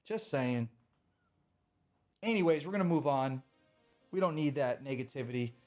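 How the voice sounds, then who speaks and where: A man's voice: medium pitch, lively intonation, moderate pace, a little mellow, faint music behind. A man ranting on a live stream in a casual, emphatic way, swearing often and repeating his points.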